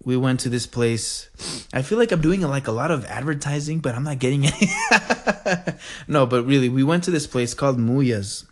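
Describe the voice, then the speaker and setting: A man from the El Paso area hosting a podcast, rambling in an animated, digressive way. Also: mid-range voice, normal speed. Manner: animated, digressive, says "freaking" a lot. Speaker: podcast host. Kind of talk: rambling casual monologue.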